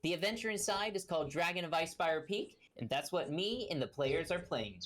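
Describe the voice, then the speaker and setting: A woman's voice: fairly low pitch, lively intonation, a little fast. A woman hosting a tabletop game stream as game master, rambling with many fillers and restarts. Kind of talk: casual stream talk.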